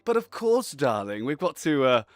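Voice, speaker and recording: Casting: man doing a showy foppish nobleman, sing-song swooping pitch, dry close sound. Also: very animated, normal speed, no room sound. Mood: camp.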